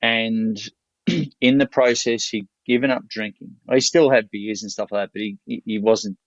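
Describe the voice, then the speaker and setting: A man's voice: on the low side, fairly even intonation, normal speed, dry recording. Australian man, podcast guest, casual storytelling, blunt and salty, dull lo-fi sound, dry close mic. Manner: blunt, salty, loose and chatty.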